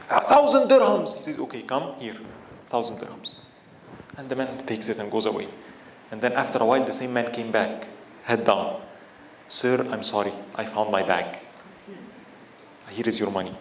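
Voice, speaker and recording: A man's voice: medium pitch, roomy sound, slight background noise, poor audio. A man preaching a sermon in English with Arabic phrases mixed in, telling stories animatedly and acting out the people in them. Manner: animated storytelling, acting out quoted voices. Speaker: Islamic preacher.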